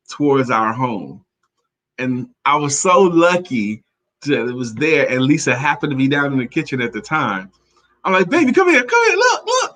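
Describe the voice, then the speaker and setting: A man's voice: medium pitch, a bit bright. A man co-hosting a talk show in casual chat, playful and teasing, laughing often. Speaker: co-host.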